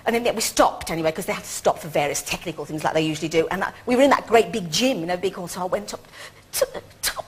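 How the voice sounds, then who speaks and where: A woman's voice: fairly low pitch, rapid-fire, a little hiss or hum. A woman in her fifties, a guest on a chat show, telling self-mocking stories and laughing often.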